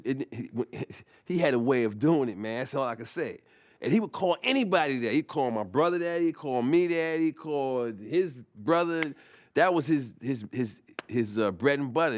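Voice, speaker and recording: A man telling a comic anecdote in a rambling, profane way, full of restarts and asides. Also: medium pitch. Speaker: comic storyteller.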